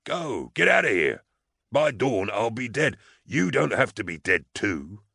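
A man voicing a calm condemned male prisoner who speaks in a placid, reasoned, quietly detached way. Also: medium pitch, measured pace, creaky, husky, no echo, studio quality, pitched above the performer's own voice, full character voice.

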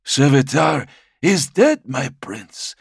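A man's voice: mid-range voice, very animated, slow pace, creaky, husky, dry recording, clean studio sound, voice pushed up, full character voice. A man voicing a deferential male warrior officer with a raised, strained, urgent delivery. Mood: urgent deference.

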